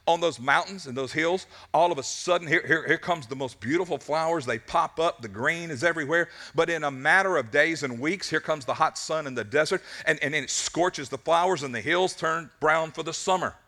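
A man preaching to his congregation, with a bright, forceful voice that sits a little high. He tells his story with lots of animation, stumbling into quick repeated words as he builds toward each point. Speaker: pastor. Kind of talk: sermon. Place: church service.

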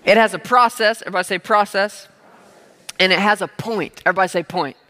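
A man's voice: high-pitched, quick pace, bright, forceful tone. A man preaching a sermon as pastor, talking conversationally with playful asides and having the crowd repeat key words. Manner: playful asides and everyday examples. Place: church hall. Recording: long reverb of a large hall.

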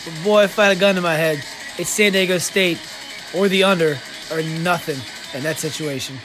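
High-voiced wisecracking sports betting host. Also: male voice, over music. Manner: wisecracking, sarcastic, quick asides. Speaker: podcast host making betting picks. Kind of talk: casual sports betting monologue.

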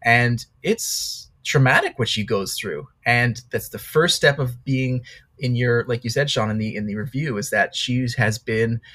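A man from Canada, a podcast guest, talking things over thoughtfully and in a measured way, with the odd aside. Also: mid-range voice, a bit bright. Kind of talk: casual podcast discussion.

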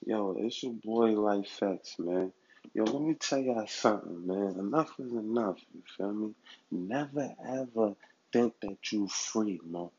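Gravelly, husky man ranting passionately. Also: on the low side, a little slow, a little mellow. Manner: heated and repetitive, street slang, stammers when worked up. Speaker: vlogger giving street advice. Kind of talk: impassioned street monologue. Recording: dull lo-fi recording.

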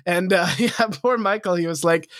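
A man's voice: sits high, normal speed, a bit bright, dry recording, studio quality. Laughing, self-deprecating male podcast co-host. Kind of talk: casual comedic chat.

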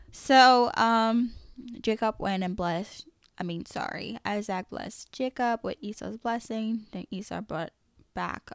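A woman's voice: mid-range voice, gravelly, no echo. A woman hosts a faith podcast in a candid, emphatic, chatty way, leaning on "like" as she reflects. Her mid-range voice sits close and dry, with no room around it. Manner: candid, emphatic, heavy use of "like". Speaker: podcast host.

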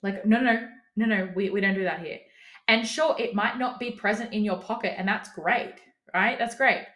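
This podcast host and business coach has a mid-range, fairly bright voice and a normal pace. Alone on her casual show, she talks through her opinions in a cheeky, candid way, with occasional laughs and swearing for emphasis.

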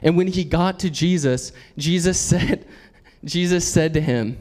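A man's voice: a little high, a little slow, a little mellow. A man preaching a sermon in an earnest, conversational way, often laughing as he talks.

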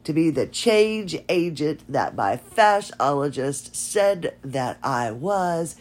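A woman with a nasal voice hosts her own podcast in a loose, chatty ramble, often laughing at herself. She takes her time, with unhurried, drawn-out phrasing. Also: sits low, very animated, a little mellow. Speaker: podcast host. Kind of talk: casual solo podcast talk.

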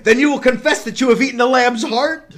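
A man's voice: extremely high pitch, steady tone, fairly quick, fairly bright tone, pitched above the performer's own voice. A man voicing a stern, testy elderly apostle who speaks with exasperation in a comic storybook reading. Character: stern saintly old male apostle, testy.

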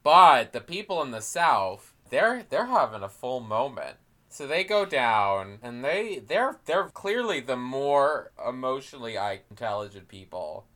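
A man's voice: mid-range voice, very animated, unhurried, sharp tone. A man giving a casual, jokey recap of a fantasy campaign, acting out characters in silly voices.

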